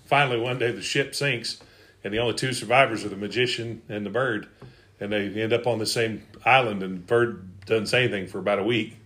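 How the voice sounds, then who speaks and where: A man's voice: lowish voice, steady tone, fairly quick, fairly bright tone. A man telling jokes casually.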